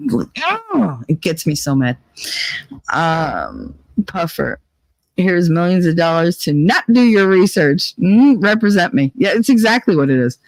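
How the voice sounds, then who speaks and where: Speaking in a lowish voice, this woman hosts a live show and talks casually and confessionally to her listeners. Now and then she breaks into foul-mouthed, sarcastic ranting that's blunt and candid. The recording is close and dry, with no room sound.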